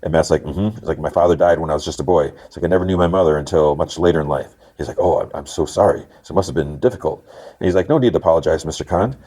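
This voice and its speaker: A man's voice: very deep voice, racing, dark tone. A man hosting a podcast, casually recapping a TV episode scene by scene, rambling with many fillers and restarts. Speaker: podcast host.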